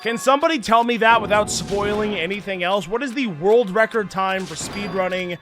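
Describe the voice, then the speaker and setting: Over music, a young male streamer addresses his chat while playing a game, his high voice moving at a moderate pace. He's frantic, one moment shouting in exasperation and the next mumbling, deflated.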